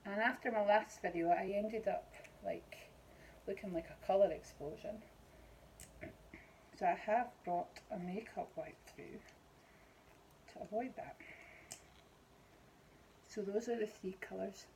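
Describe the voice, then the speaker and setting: A woman's voice: medium pitch, measured pace, pauses often, darkish tone, a little hiss or hum, rough recording. A middle-aged Scottish woman vlogging an unboxing in a casual, rambling way, with many ums. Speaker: beauty vlogger.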